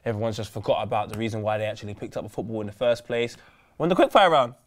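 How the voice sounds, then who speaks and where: A young man, co-hosting a casual football chat show with animated, jokey banter. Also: on the low side, racing. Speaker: co-host. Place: indoor studio seated on chairs.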